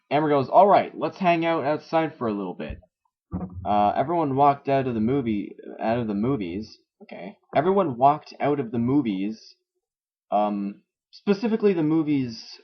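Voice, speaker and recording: Guy reading some story and roasting it, swears a lot, middle pitch, muffled lo-fi mic. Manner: sarcastic, swears a lot, laughs at the text. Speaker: story reader. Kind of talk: mocking read-through of a story. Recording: dull lo-fi recording.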